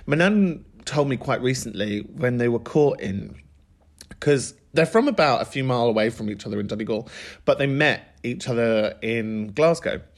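A man's voice: medium pitch, expressive, normal speed. A man hosting a podcast, telling stories in a chatty, laughing way. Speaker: podcast host. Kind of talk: casual chat.

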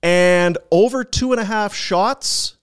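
A man's voice: high voice, takes it slowly, clear, resonant tone, no echo, studio quality. A man co-hosting a sports podcast, chatting about hockey, making jokes and reading sponsor spots. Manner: lively, reads sponsor spots, jokey. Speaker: sports radio co-host. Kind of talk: sports podcast chat and ad reads.

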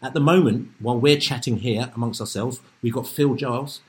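A man hosting a casual football podcast over a remote call, excitable and rambling, often repeating himself. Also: mid-range voice, fairly quick. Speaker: podcast host.

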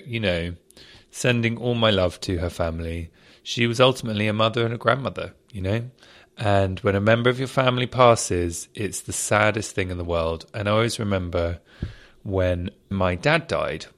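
A man hosting his podcast, a little out of breath, chatting in a rambling, casual way from a small garden office. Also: fairly low pitch. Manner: chatty and rambling, with fillers and sighs. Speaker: podcast host. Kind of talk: casual bonus episode chat.

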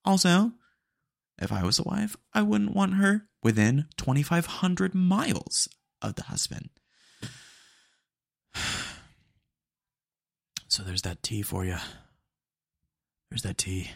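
A man's voice: fairly high pitch, big pitch swings, takes it slowly, gravelly, pauses often, no room sound, studio quality. A young man hosting a podcast, telling retail stories in a chatty, slangy way with lots of fillers. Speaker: podcast host. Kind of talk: casual storytelling monologue.

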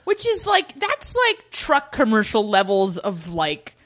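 A woman's voice: mid-range voice, huge pitch swings, a little slow, a bit bright. A woman co-hosting a podcast, recapping a drama with sarcastic jokes in casual chat. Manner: sarcastic, joking asides. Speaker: podcast co-host.

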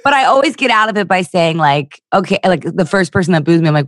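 A woman's voice: fairly low pitch, quick pace, no room sound, clean studio sound. A young woman from the Philadelphia area, a stand-up comedian talking casually on a podcast, telling stories with crude jokes and acted-out voices.

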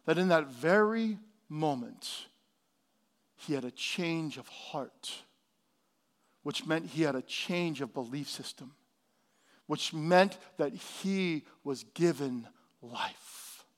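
Pastor, male, high voice, dynamic sermon delivery that swings from hushed to loud. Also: expressive, takes it slowly, long pauses. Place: church hall.

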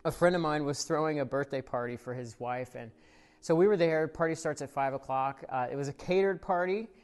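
A man preaching a sermon as a pastor, in an easy conversational way. He tells stories full of filler words. His voice swells when he gets excited and drops quiet when he reflects, in a church service recorded for people watching online. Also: fairly high pitch, a little fast, smooth. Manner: conversational storytelling with frequent fillers; grows animated and louder in the story, soft when reflecting.

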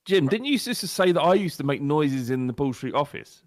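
A man's voice: fairly high pitch, lively intonation, fairly quick. A man co-hosting a casual football podcast from his home office, chatty, easily distracted and often apologising. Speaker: podcast co-host.

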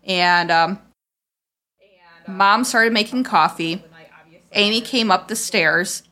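A woman podcast host talks slowly at a medium pitch, her voice pushed and bright. She rambles through a painful family story in a casual way, heavy on "like" and "I was like" quotes, her retelling raw and frustrated.

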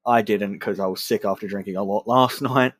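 A man's voice: on the low side, steady tone, brisk, no room sound. Tired-sounding man co-hosting. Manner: self-deprecating, tired and offhand. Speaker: podcast co-host. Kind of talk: casual chat.

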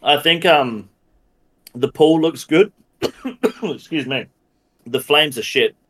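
A man's voice: a little high, slow, fairly bright tone. A man with an Australian accent, a guest on a gaming podcast, chatting casually and ranting bluntly with lots of swearing. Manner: blunt, heavily profane, ranting. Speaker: podcast guest, game streamer.

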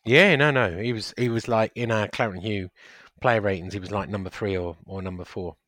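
Low-voiced man, stammering a bit. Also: brisk, fairly bright tone, no room sound, clean studio sound. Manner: hesitant, stammers and repeats words. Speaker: podcast co-host. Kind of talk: casual football podcast chat.

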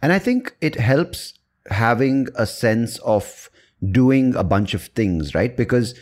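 A man's voice: medium pitch, expressive, slow pace, darkish tone. A man hosting a podcast who asks long, rambling questions full of restarts and "right?". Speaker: podcast host. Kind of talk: conversational interview questions.

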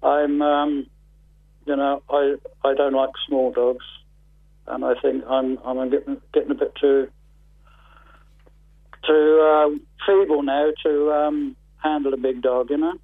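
An older man calling in to a radio show, hesitant and halting. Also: medium pitch, little pitch movement. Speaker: caller. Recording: tinny phone line.

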